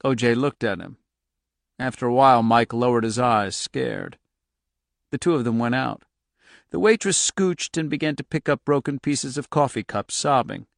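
Man, audiobook narrator, steady storytelling, middle pitch, dry close recording. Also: moderate pace, creaky, dry recording. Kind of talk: scripted narration.

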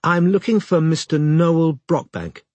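A young female investigator speaks in measured, polite tones, keeping her cover, as a man reading aloud puts her on. The voice sits somewhat above the reader's natural pitch with a husky texture. It is recorded close and dry. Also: no echo. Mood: cautious. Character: young woman detective posing as a lawyer.

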